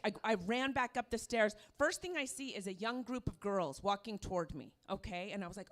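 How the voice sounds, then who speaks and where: A woman on a comedy club stage tells a story in a brash, profane way. Her voice is high and sharp, and it carries through a handheld stage mic. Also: animated, normal speed. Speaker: stand-up comedian. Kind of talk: stand-up set.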